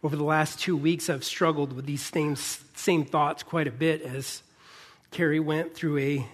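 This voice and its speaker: A man in his thirties, a pastor, preaching in an earnest way, pausing often and building to a fervent plea. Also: a little high. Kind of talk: sermon.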